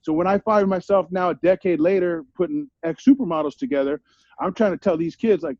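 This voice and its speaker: A man's voice: high voice, a little fast, dark tone, no room sound, dull audio. A middle-aged man telling candid stories as an interview guest, in street slang with plenty of swearing and repeated "you feel me?". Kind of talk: candid storytelling.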